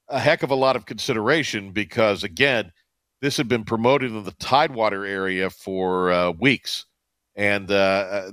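A man hosting a casual sports radio show, talking in a rambling, halting way with many fillers and restarts. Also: fairly low pitch, a bit bright, no room sound.

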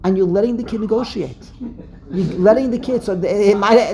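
A woman from Brooklyn with a Brooklyn accent, giving a religious lesson with an animated storyteller's habit of repeating and restarting phrases. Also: medium pitch, moderate pace, rough recording. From Brooklyn, USA. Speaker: religious teacher. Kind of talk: Passover lesson talk.

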